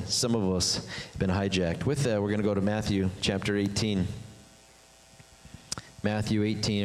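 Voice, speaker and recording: A man preaching a sermon as pastor, animated, jumping his pitch up high to act out voices. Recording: long hall reverb.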